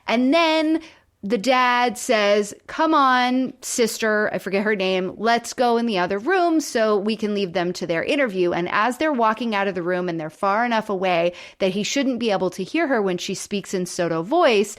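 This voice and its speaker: A woman co-hosting a podcast who retells a sitcom episode with animated storytelling, acting out the characters' lines and laughing often. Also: medium pitch, normal speed. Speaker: podcast co-host. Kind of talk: casual chat recapping a sitcom episode.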